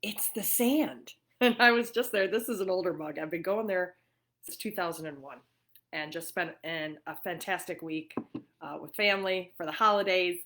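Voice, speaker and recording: A middle-aged woman hosts a relaxed livestream chat from her own living room. Her voice sits slightly low, and she talks in loose, rambling runs, full of fillers and easy laughter. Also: moderate pace. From New York. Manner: chatty, warm-hearted and laughing often, with many fillers. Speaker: livestream host.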